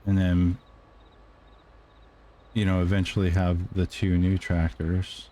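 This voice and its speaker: A man with a low, warm voice and a flat, slow delivery streams a farming game, chatting casually with lots of ums and uhs. He clears his throat, and the room sounds dusty. It's relaxed gameplay commentary.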